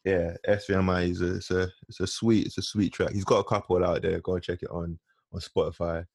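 This is a man co-hosting a music show in casual banter. His voice is very deep, with a gravelly edge. He is playful, often repeating his words to tease his partner, and the sound is dry. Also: flat delivery, a little fast, darkish tone, no echo. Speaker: radio show co-host. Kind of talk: casual banter, introducing tracks.

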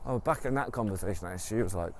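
A man with a low, gravelly voice retells a story at an unhurried pace. He rambles, restarts and fills gaps with ums. A faint hiss sits under the recording. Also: darkish tone. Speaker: podcast storyteller.

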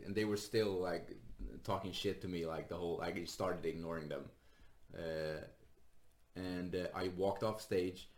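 Laughing, swearing man telling a story. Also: sits low. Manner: laughs often while telling stories, swears freely. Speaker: stand-up comedian guest. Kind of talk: casual storytelling chat. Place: Sweden.

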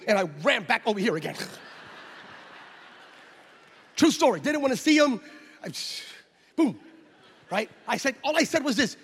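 Animated pastor in a reverberant hall. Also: male voice, very high voice, moderate pace, long pauses, slightly rough. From United States. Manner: animated, acts out scenes and voices, loud exclamations. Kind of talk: storytelling sermon.

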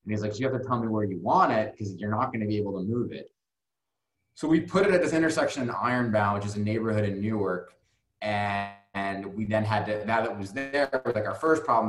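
A man guest telling a long story casually, rambling with plenty of fillers and swearing. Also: lowish voice. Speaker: music video director, guest. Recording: roomy echo.

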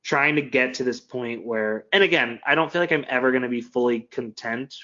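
A man's voice: medium pitch, fairly quick, sharp tone, highs cut off. A man talking casually and candidly as a podcast guest, self-deprecating and full of fillers. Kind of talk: casual interview chat.

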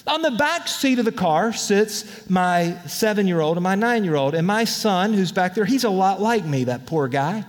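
A man preaching a sermon as pastor, in a candid, conversational way with lively asides. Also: sits high, normal speed, few pauses. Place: church auditorium. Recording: long reverb of a large hall.

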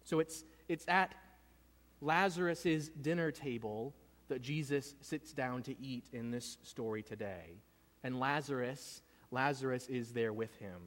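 A man's voice: medium pitch, measured pace, fairly bright tone, long reverb tail. A man preaching a sermon, retelling a story in an earnest way and often repeating words as he goes. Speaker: pastor.

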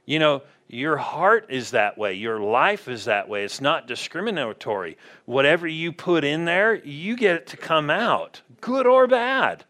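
A man's voice: a little high, expressive, a little slow, hardly any pauses, sharp tone. A man preaching a conversational sermon in a church, often asking the congregation questions. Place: church sanctuary.

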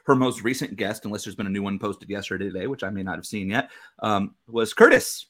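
A man's voice: lowish voice, lively intonation, fast talker, a bit bright. A man who is a father and race crew chief, chatting as a podcast guest and retelling conversations word for word. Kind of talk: casual podcast chat.

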